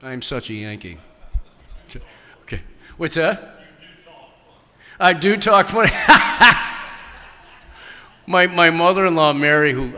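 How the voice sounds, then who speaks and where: A man's voice: medium pitch, bright, forceful tone. Rambling older man in an echoey hall. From New England. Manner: rambling, enthusiastic, many restarts. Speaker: author at book festival Q&A. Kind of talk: casual audience Q&A. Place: large hall.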